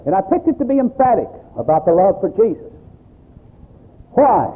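Male pastor, emphatic preacher, animated delivery, husky tone, lo-fi tinny recording. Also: high-pitched, normal speed, pauses often. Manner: emphatic preaching, quoting scripture. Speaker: Baptist pastor. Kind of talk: sermon. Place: church service.

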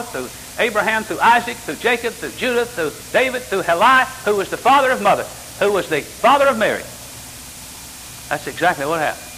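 Animated older preacher in an echoing church. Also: male voice. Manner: animated preaching with sudden pitch jumps and rhetorical questions. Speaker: pastor. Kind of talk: sermon. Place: church sanctuary. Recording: church hall reverb with faint hiss.

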